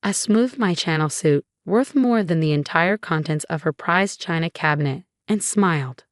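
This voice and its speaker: A woman reading a first-person revenge story as scripted narration, calm and measured. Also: on the low side, dry recording, clean studio sound.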